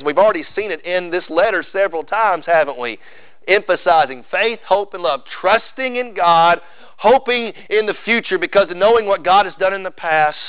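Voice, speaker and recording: Emphatic preaching man, high voice. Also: no echo, muffled recording. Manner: emphatic preaching, repeating phrases for stress. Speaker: pastor. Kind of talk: sermon.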